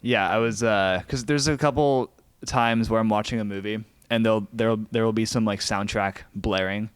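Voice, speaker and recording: Hesitant young man, low voice. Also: fairly even intonation, moderate pace, clear, resonant tone, no echo. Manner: hesitant, many restarts. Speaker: podcast co-host. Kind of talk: casual podcast chat.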